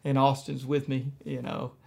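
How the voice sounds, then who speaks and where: This is a man speaking as a pastor, telling a personal story to his congregation. His voice sits at an ordinary pitch with a gravelly, creaky texture. He talks softly and haltingly, with frequent fillers and restarts. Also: monotone. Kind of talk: conversational storytelling in a church message.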